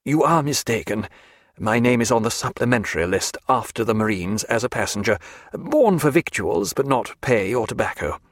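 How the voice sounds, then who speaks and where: A man's voice: medium pitch, lively intonation, normal speed, no echo, lightly acted. A man voicing a composed naval doctor who answers questions with dry, precise, formal evasions.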